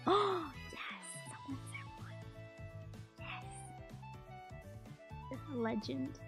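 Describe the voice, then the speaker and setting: A woman's voice: fairly high pitch, very animated, extremely slow, pauses often, music in the background. A woman streamer chatting casually to her viewers, playful and teasing, often giggling. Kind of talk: casual live-stream chat.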